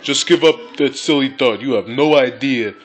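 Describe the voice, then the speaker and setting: A man's voice: mid-range voice, moderate pace, soft background music, voice pushed up, lightly acted. A man reading a stern, stubborn father's game dialogue aloud in a firm voice.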